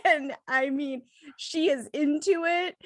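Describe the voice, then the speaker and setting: Co-host, woman, high voice, giggly and animated, dry close recording. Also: takes it slowly, no room sound. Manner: giggly, animated, laughs often. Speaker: movie review co-host. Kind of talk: casual chat.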